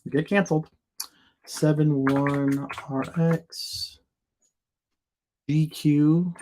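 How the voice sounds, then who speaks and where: A man's voice: on the high side, flat delivery, extremely slow, a little mellow, slight background noise. A man from the United States hosting a casual live Q&A, chatty and playful, tossing in made-up words while sharing his screen. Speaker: livestream host answering seller questions. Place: home or office in Florida.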